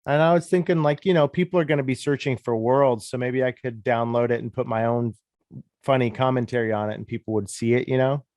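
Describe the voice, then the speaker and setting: A man in his thirties, a disc golf commentator, telling stories in a relaxed, rambling, self-deprecating way during a casual interview. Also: medium pitch, fairly quick, no room sound, studio quality. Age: 30s.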